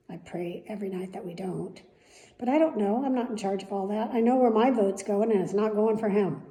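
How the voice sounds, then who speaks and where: A woman's voice: a little high, warm tone, reverberant, rough recording. A middle-aged woman hosting her daily vlog, talking frankly and heatedly, swearing freely and admitting she is worked up. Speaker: vlogger, daily show host. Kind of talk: candid talking-head rant.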